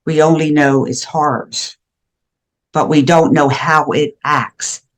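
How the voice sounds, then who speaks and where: A woman's voice: low voice, fairly even intonation, slow. Earnest older woman, emphatic guest. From USA. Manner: emphatic and earnest, with frequent restarts. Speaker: guest, shame and guilt educator. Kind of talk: conversational interview.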